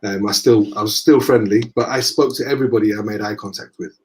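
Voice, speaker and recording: A man with a Northern English accent, a guest in a conversation, telling lively anecdotes and acting out the dialogue. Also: lowish voice, quick pace. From northern England. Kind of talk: casual storytelling in conversation.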